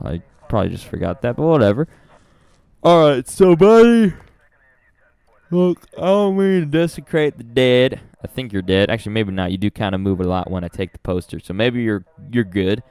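A man narrates his gameplay in a loose, rambling way, cracking jokes and talking straight to the characters on screen. His voice is smooth and resonant and swings widely in pitch. The sound is dry and close. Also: sing-song, normal speed, few pauses, darkish tone, dry recording. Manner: joking, rambling, talks to game characters, swears. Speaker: gaming video host. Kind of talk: let's-play commentary.

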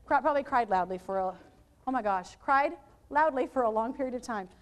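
Woman workshop presenter, high-pitched, upbeat, draws answers from a live audience of teachers. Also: a little fast. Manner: lively, quizzes audience with questions. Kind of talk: interactive teacher training workshop. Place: training room with live audience.

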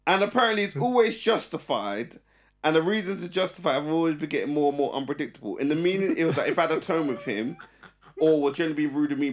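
A man co-hosting a casual podcast chat, animated, reading a listener's question aloud. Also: mid-range voice. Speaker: podcast co-host.

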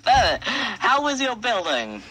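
Male gamer, bright voice, lively pitch, deadpan comebacks, faint hiss. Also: measured pace, breathy edge, poor audio. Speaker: Minecraft server player. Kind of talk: casual game role-play chat.

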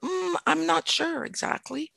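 A woman's voice: very high-pitched, measured pace, creaky, sharp tone, dry recording. A middle-aged woman from French Canada, an actor telling her career story as a podcast guest, thoughtful and often restarting her sentences. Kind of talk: casual interview storytelling.

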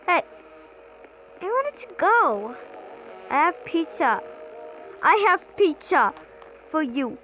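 A woman's voice: high voice, sing-song, slow, long pauses, fairly bright tone, rough recording. A young woman playing a game and talking aloud as she plays, chatty, repeating words in bursts with sudden yelps. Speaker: gamer playing a parent role. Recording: game music playing behind.

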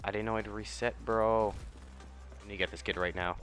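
A man's voice: lowish voice, fairly even intonation, a little fast, fairly bright tone, a little hiss or hum. Young man rambling over gameplay. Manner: rambling and offhand, with sudden profane trash talk. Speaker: gaming YouTuber and streamer. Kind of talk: casual gameplay commentary.

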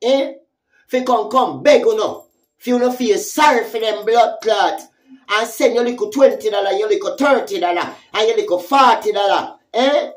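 A woman's voice: on the high side, normal speed. Heated Jamaican woman ranting. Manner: heated, profane, confrontational, repeats taunting questions. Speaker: social media commentator. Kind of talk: angry vlog rant.

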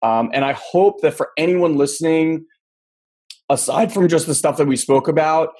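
A man's voice: a little high, normal speed, a little mellow, husky. A man hosting an interview in a loose, chatty way with many fillers. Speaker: interview host. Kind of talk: casual interview.

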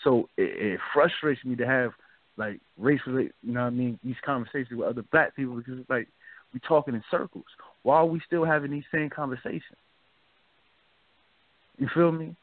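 A man's voice: mid-range voice, brisk, no room sound. A man hosting a radio talk show, chatting loosely and often asking "you feel me?". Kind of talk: casual discussion. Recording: dry, phone-like narrow sound.

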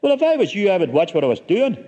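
A man doing a brash soldier, high-pitched. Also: huge pitch swings, quick pace, dark tone, in a large hall, highs cut off, full character voice. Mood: defiant. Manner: brash, cocky retorts. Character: cheeky defiant Belfast soldier, young man.

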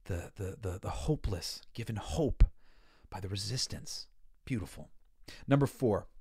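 A man hosting a podcast and giving casual, emotional commentary. He swings between soft, heartfelt stretches and loud, excited bursts. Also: mid-range voice, dry recording, studio quality. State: tearful. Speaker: podcast host.

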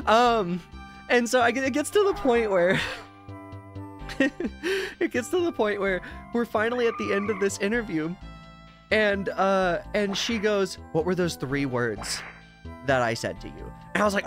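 Brief: slightly high-voiced male streamer, rambling and casually profane, game music clearly audible underneath. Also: sing-song, moderate pace, a bit bright. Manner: rambling, tangential, swears casually. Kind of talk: casual storytelling while playing a game.

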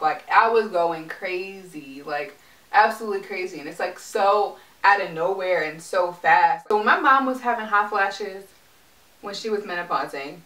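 A woman's voice: medium pitch, fairly bright tone, recorded from a distance. A young adult woman chatting casually in a vlog, talking in a loose, filler-heavy way. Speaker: pregnancy vlogger. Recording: echoey room, mic set back.

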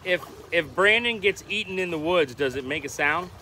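A man's voice: high voice, expressive, normal speed, pushed and bright. A man joking dryly while co-hosting a live stream. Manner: dry, joking remarks.

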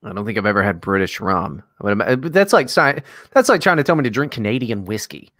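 Blunt, lively-voiced male podcast co-host. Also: lowish voice, brisk. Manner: blunt and profane. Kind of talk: casual chat.

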